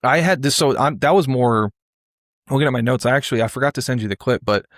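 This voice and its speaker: A man hosting a podcast, chatting in a relaxed, rambling way with lots of fillers. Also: mid-range voice, quick pace, no room sound, clean studio sound. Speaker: podcast host. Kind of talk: casual podcast chat.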